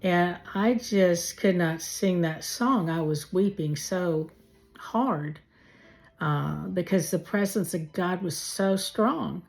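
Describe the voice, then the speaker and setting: Slow, low-voiced woman giving testimony. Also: gravelly, a little mellow. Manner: slow, heartfelt storytelling with pauses. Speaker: testimony speaker. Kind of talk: personal faith testimony.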